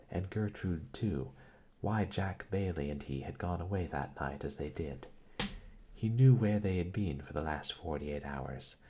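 A man reading a classic mystery novel aloud, narrating in a measured, even way. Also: low-pitched, a little hiss or hum. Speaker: audiobook reader.

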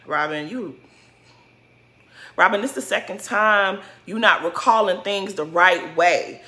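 A woman's voice: medium pitch, sharp tone. A woman giving a casual recap of a reality TV episode, blunt and sassy, full of slang and cursing. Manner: colloquial slang-heavy talk.

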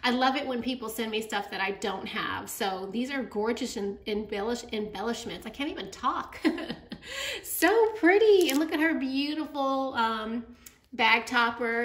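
A woman excitedly opening crafting gifts on camera in a casual, gushing vlog chat. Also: a little high. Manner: gushing, effusive. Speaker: craft vlogger. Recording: echoey room, faint noise.

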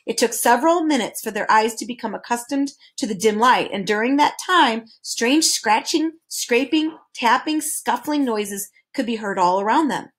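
A woman reads a children's novel aloud, her voice a little higher than most. She tells the story calmly and expressively. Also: normal speed, hardly any pauses. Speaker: reader.

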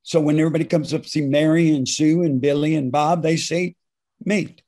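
A man's voice: on the high side, fairly even intonation, quick pace, darkish tone. A man guest telling rambling stories in an interview, often interrupting himself. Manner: rambling anecdotal, self-interrupting. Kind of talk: storytelling interview.

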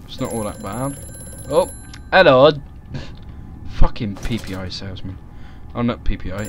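A man's voice: fairly low pitch, normal speed, darkish tone, a little hiss or hum. A young man giving crude, rambling let's-play commentary. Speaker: gaming YouTuber.

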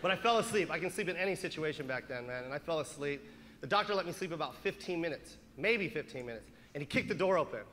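Animated high-voiced male stand-up comic. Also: fast talker, a little hiss or hum. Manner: animated, profane, acts out scenes. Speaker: stand-up comedian. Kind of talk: stand-up comedy storytelling.

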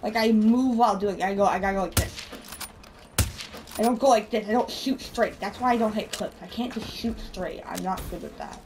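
A woman's voice: medium pitch, fairly quick. A woman talking casually while playing an online shooter, rambling, mocking herself and swearing often. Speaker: video game player. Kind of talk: casual gameplay commentary. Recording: distant mic with steady background noise.

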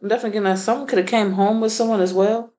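A woman's voice: medium pitch, fairly even intonation, racing, warm tone, poor audio. A woman doing a casual tarot reading, blunt and profane, laughing often. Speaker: tarot reader.

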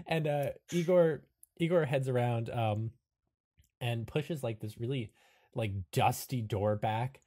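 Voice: mid-range voice, slow pace, warm tone. A game master narrating a tabletop game, hesitant and full of fillers.

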